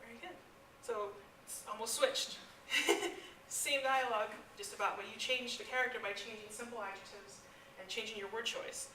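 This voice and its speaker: A woman teaching a classroom writing lesson, asking lively questions and restarting her sentences. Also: a little high, normal speed, slight background noise. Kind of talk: classroom instruction. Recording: echoey classroom, from far off.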